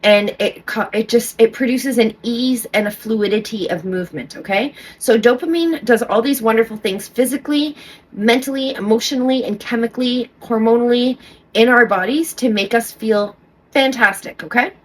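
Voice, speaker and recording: A woman's voice: on the high side, moderate pace. A middle-aged woman talking casually to camera as a vlogger, rambling with restarts and often checking in with "okay?".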